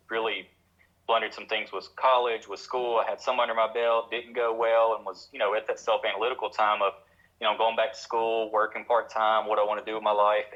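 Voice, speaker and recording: Man with a Tennessee drawl, bright voice. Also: on the low side. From Tennessee, USA. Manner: fast, run-on storytelling with many fillers. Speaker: podcast guest, treatment center executive. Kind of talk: conversational storytelling. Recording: dull, lo-fi sound.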